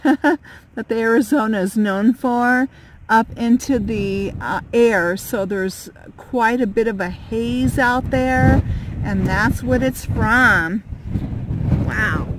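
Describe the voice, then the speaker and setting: A woman with a fairly high voice, talking unhurriedly and rambling through a casual vlog inside her van. She fills gaps with ums and small laughs. A faint hiss of background noise sits under her voice. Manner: chatty, rambling, many fillers and laughs. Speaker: van-life vlogger.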